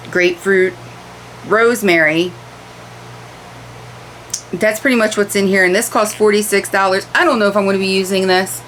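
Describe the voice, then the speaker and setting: A woman's voice: medium pitch, a bit bright, slight background noise, rough recording. A woman chatting casually as she unboxes beauty products, candid and repeating words for emphasis, in a room lit by a ring light. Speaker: beauty vlogger.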